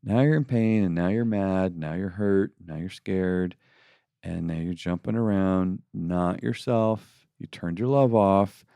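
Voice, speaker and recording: A man's voice: low-pitched, a little slow, creaky, dark tone, smooth, dry recording. A middle-aged man co-hosting a faith podcast, talking casually and putting on mocking voices when he quotes people. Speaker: podcast co-host.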